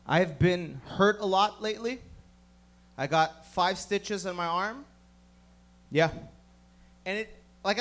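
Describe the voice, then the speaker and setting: Brief: thirties male comic, high voice, rowdy and foul-mouthed on a club mic. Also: a bit bright. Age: 30s. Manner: profane, rowdy storytelling. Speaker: stand-up comedian. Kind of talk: stand-up comedy. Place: comedy club stage.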